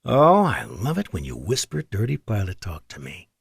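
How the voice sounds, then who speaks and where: Brief: man reading tough, teasing female fighter pilot, animated delivery, dry audiobook read. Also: on the low side, normal speed, vocal fry, slightly rough, no echo, heavily acted. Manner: playful, teasing. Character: woman fighter pilot, fiercely independent, teasing.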